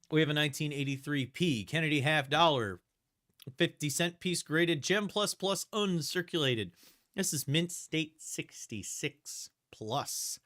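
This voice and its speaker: A man hosting a live-stream coin auction, describing banknotes and coins and calling bids in a steady, chatty auction chant. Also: on the high side, unhurried.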